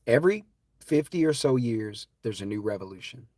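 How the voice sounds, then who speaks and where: A man's voice: mid-range voice, expressive, moderate pace, no room sound, studio quality. Fervent, preachy man on a live stream. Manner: preachy and dramatic, swinging from loud to hushed. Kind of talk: impassioned live-stream talk.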